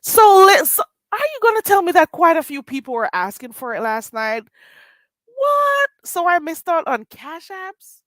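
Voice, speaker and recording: Lively Jamaican woman chatting on a livestream. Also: very high voice, moderate pace, hardly any pauses, no echo. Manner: animated, laughing, exclaiming at chat. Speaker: livestream host. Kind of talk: casual livestream chat reading comments.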